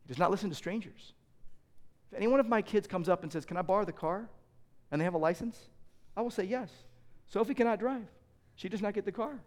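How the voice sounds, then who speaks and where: A middle-aged man preaches from the pulpit in a voice that sits high for a man. He moves from loud, urgent emphasis to quiet, close asides. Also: fast talker. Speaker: pastor. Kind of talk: sermon.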